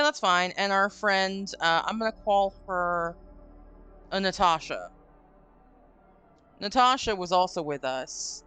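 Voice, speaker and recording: With a lowish, pushed, bright voice recorded cleanly, a woman hosts a live stream from her home room. She talks casually through a long, rambling story that includes some swearing, while eerie music plays faintly.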